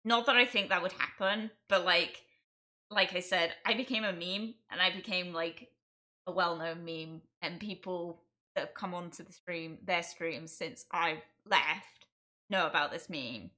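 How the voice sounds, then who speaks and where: A woman's voice: on the low side, unhurried, sharp tone. A young woman from England, a streamer chatting casually with her viewers and laughing often. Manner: chatty, reading and answering chat, laughs often. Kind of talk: casual livestream chat.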